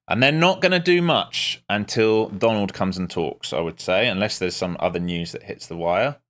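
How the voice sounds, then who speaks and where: A man's voice: on the low side, lively intonation, normal speed, fairly bright tone. A man streaming live as a day trader, giving casual, wry commentary with muttered asides to his viewers.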